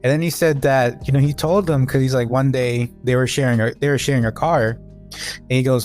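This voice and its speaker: A man's voice: mid-range voice, fairly even intonation, fairly quick, a little mellow, soft background music. Rambling man telling a story. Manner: rambling storyteller with many fillers and restarts. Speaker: podcast guest. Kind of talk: casual podcast chat.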